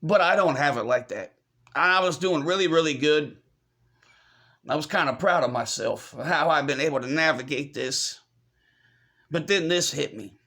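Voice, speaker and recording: Choked-up man with a gravelly voice. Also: on the high side, sharp tone. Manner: halting, repeats himself, apologetic, talks straight to viewers. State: choked up, fighting back tears. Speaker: vlogger. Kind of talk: confessional vlog update.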